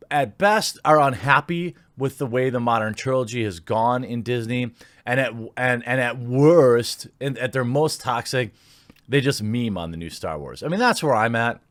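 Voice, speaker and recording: A man's voice: medium pitch, animated, moderate pace, a bit bright, dry recording, studio quality. A man giving opinionated commentary, sarcastic and indignant, reading posts aloud and reacting to them.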